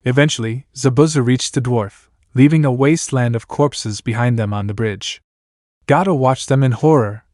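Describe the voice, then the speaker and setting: A man narrating a fanfiction story in an even, steady reading voice. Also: mid-range voice, moderate pace, no room sound, clean studio sound.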